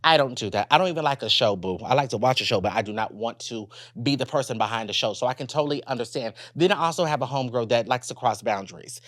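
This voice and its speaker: A man's voice: medium pitch, lively intonation, quick pace, few pauses, a bit bright, dry recording, clean studio sound. A man hosting a podcast in a sassy, blunt and playful casual chat. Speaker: podcast host.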